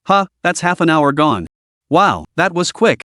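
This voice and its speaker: A brisk, scolding young woman who nags her friend to hurry, read out by the male narrator. Her lines come a bit high and lively, dry and close to the mic. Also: no echo. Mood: bossy.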